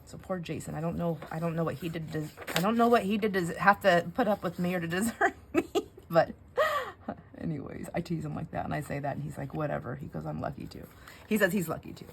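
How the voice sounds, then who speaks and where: A woman's voice: lowish voice, fast talker, vocal fry, a little hiss or hum. A middle-aged woman vlogging casually while she crafts, rambling and talking to herself with many fillers. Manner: rambling, self-talk with fillers and laughs.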